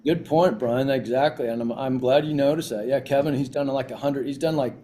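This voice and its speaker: A man's voice: medium pitch, fairly even intonation, a little fast, dark tone. A man guest on a podcast, telling a story with lots of restarts and fillers. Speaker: CEO guest. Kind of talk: casual storytelling interview.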